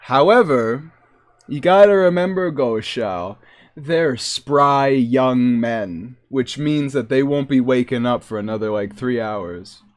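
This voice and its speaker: A man's voice: mid-range voice, takes it slowly. A man from the Boston area chatting casually and jokingly on a livestream into a desk microphone. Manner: rambling and joking. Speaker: streamer.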